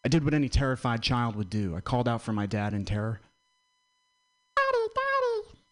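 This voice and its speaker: A man's voice: fairly low pitch, quick pace. A man doing stand-up one-liners with a bouncy delivery. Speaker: stand-up comedian.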